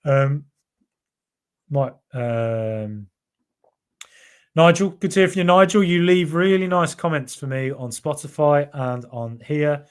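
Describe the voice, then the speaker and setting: A man hosts a football fan podcast in a loose, chatty live-stream style. He talks with animated energy and breaks off to read out viewer comments. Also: on the high side, takes it slowly, long pauses, clean tone. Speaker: podcast host.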